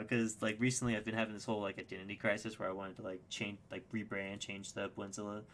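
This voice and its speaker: A young man with a low voice races through a personal story as a podcast guest. He is casual and excitable, swears freely, and trips over his own words with fillers and restarts. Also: fast talker, few pauses, a little hiss or hum.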